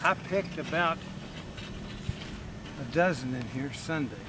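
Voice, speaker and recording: A man showing his garden in casual chat, talking haltingly with many fillers. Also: on the high side. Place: outdoor backyard garden. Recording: distant outdoor mic with loud wind noise.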